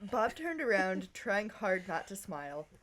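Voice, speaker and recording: Slow, giggly woman reading aloud. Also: mid-range voice, very animated, very noisy. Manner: giggly, reads dialogue with playful emphasis. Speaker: podcast host reading her fanfic aloud. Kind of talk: casual chat and reading aloud.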